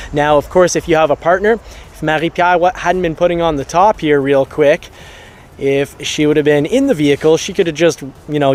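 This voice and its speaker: A man hosting his car channel, talking casually and practically, joking now and then. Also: fairly high pitch. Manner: chatty, practical, joking asides. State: out of breath after shoveling. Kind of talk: casual outdoor vlog narration. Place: outdoors at a beach by a vehicle. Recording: noisy outdoor recording.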